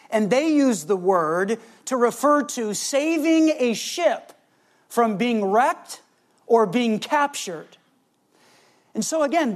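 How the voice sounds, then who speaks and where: A middle-aged man preaching a sermon, telling a family story and slowing down to stress key words. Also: high-pitched. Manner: storytelling, varies pace for emphasis. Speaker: pastor.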